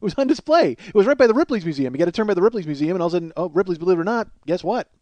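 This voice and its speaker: Male podcast comic, 40s, high-ish voice, rapid crude rambling riffs. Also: big pitch swings, darkish tone. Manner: crude, self-mocking, laughs at his own jokes. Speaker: podcast host. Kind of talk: rambling comedic monologue.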